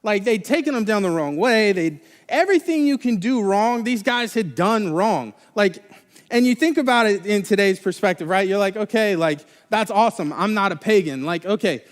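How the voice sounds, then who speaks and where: A young man preaches live in a church, his somewhat high voice carrying a long reverb through the hall. He talks in a loose, conversational way, stumbling through restarts and fillers as he goes. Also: lively intonation, moderate pace. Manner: casual, rambling with many restarts and fillers. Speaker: pastor. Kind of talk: sermon. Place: church sanctuary.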